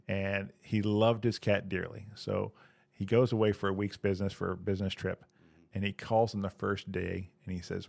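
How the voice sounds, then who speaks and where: Brief: a gravelly, low-voiced male co-host and punster who tells shaggy-dog jokes. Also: level tone, brisk, a little mellow, no room sound. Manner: joke-teller with punny quips. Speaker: podcast co-host. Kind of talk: casual comedic joke-telling.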